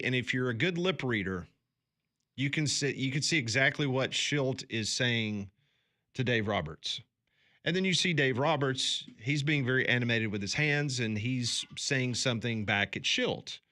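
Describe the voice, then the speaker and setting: A man hosting a sports radio show in a studio, telling stories in an animated way with quick restarts. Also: medium pitch. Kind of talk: casual sports talk.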